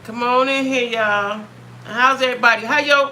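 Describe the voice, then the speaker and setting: Lady doing a home livestream, super bright voice, faint room hum, keeps repeating herself n calling out names. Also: on the high side, steady tone, normal speed. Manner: chatty, greets viewers by name, repeats herself. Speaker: live-stream host. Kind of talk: casual live-stream chat. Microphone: phone or webcam.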